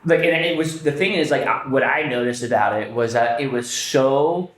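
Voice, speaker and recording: Man, podcast co-host, casual chat, animated storytelling, mid-pitched, roomy echo. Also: normal speed. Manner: animated storyteller, swears, frequent restarts.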